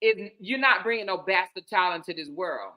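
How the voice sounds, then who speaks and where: A woman voicing a stern but calm father who gives firm, measured commands. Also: fairly low pitch, voice pushed down.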